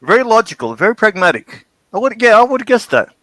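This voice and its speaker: A man's voice: high-pitched, very animated, fast talker, a bit bright, no room sound, rough recording. A man on a live-stream panel, joking and self-mocking.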